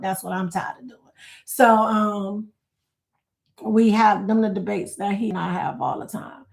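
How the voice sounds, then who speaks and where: A woman's voice: mid-range voice, measured pace, vocal fry. A middle-aged woman hosting a casual livestream, chatting, reading viewer comments aloud and laughing often. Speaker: livestream host.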